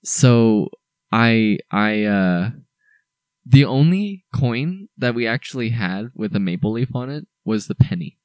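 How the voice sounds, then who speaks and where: A young man from Canada co-hosts a casual podcast, rambling from one joke to the next and laughing often. His voice sits in a middle pitch. The sound is dry and close to the mic. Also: expressive, slow pace, a little mellow, dry recording. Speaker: podcast co-host. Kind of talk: casual chat.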